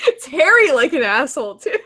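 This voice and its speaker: A fairly high-voiced woman co-hosting an online talk show. She laughs constantly and swears freely through rude, casual banter. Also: bright, forceful tone. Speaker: podcast co-host.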